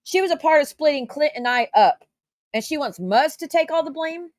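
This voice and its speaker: A YouTube commentator delivers a heated reaction rant defending herself, firing off rhetorical questions and swearing. Her high voice has lively intonation and a moderate pace, with no room sound.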